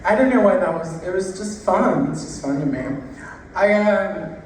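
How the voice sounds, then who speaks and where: A woman stand-up comedian telling jokes in an unhurried, deadpan way, stretching out her punchlines. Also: lowish voice, slight background noise. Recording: echoey room heard from a distance.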